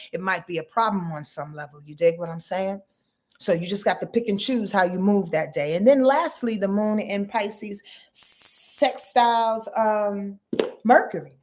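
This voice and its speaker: A woman in her fifties hosting a casual astrology livestream from her bed, sleepy and chatty, talking straight to her viewers in loose slang. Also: medium pitch. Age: 50s. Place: lying in her bed at home.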